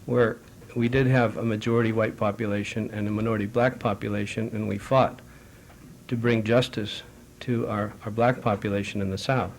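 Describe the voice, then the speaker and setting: A middle-aged man speaking at a foreign affairs forum, answering audience questions in a measured, anecdotal way with frequent restarts. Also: lowish voice, level tone, creaky, a little hiss or hum.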